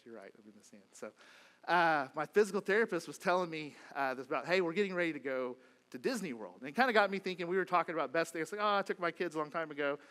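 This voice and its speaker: A man's voice: fairly high pitch, a bit bright. A middle-aged male pastor preaching a sermon in a church, speaking conversationally, repeating key phrases and asking the congregation questions. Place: church sanctuary.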